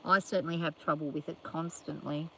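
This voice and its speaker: A woman's voice: low voice, fairly even intonation, a little fast, vocal fry, pushed and bright, low-quality recording. Older aussie lady rambling on a farm livestream, phone mic, bit of outdoor noise. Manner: chatty, rambling, scolds animals playfully. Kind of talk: casual livestream chat.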